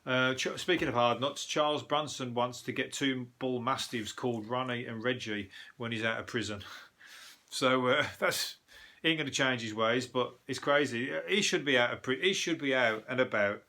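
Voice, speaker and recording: A comedian from Birmingham talks in a broad Brummie accent, rambling from story to story with plenty of swearing and chuckles at his own lines. His voice is bright and forceful, sitting at an ordinary male pitch. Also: moderate pace. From Birmingham, England. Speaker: comedian and show host. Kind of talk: casual comedic monologue.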